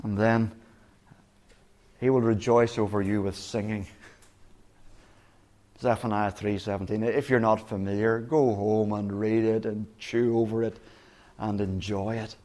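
A man's voice: on the low side, fairly even intonation, measured pace, pauses often, darkish tone. A male pastor preaching a sermon earnestly, often restarting his words and quoting God's voice. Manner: earnest, with repeated restarts and quoted voices of God.

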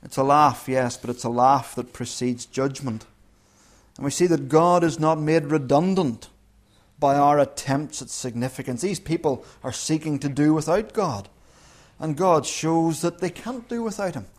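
A man preaching a sermon who tells the story lively and with humour, acting out little voices. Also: a little high, moderate pace.

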